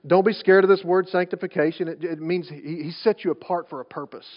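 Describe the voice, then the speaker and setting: Male pastor, high voice, conversational sermon full of rhetorical questions; muffled lo-fi recording. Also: steady tone, fairly quick. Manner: conversational preaching with rhetorical questions and repeated restarts. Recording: dull lo-fi sound.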